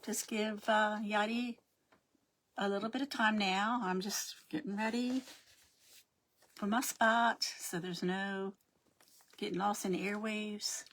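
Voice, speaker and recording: A woman's voice: medium pitch, fairly even intonation, takes it slowly, long pauses, fairly bright tone, slight background noise. A middle-aged woman hosting her crafting livestream, chatting casually and greeting viewers by name as they join. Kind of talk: casual live-stream chat.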